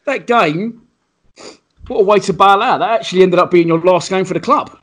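A man's voice: sits high, moderate pace, a bit bright. A male host casually asking a guest questions and laughing along with his stories. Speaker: podcast host. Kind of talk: casual interview.

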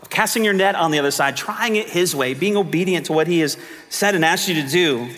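A man preaching a sermon as pastor, moving from quiet teaching to fervent, almost shouted appeals. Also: on the high side, fairly quick, big-room sound.

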